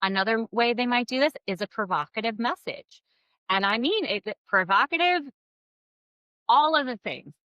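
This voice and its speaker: A woman giving blunt, expressive co-parenting advice straight to her viewers, swearing freely. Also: a little high, moderate pace, no echo, lo-fi sound. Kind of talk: casual advice to camera.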